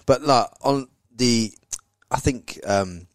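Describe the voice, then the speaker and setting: A man's voice: mid-range voice, slow pace, no echo. A man hosting a podcast, bantering casually, swearing freely and repeating words as he starts sentences. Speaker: podcast host. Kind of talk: casual chat.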